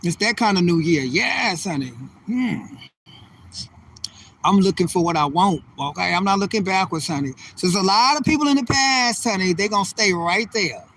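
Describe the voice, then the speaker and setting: A man's voice: high voice, lively intonation, moderate pace, a bit bright. A man vlogging while he walks outdoors, talking casually to his viewers in a sassy manner. He calls them honey and baby and draws out emphatic phrases. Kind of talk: casual walking vlog talk to viewers. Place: outdoors on a street. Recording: distant mic, faint street noise.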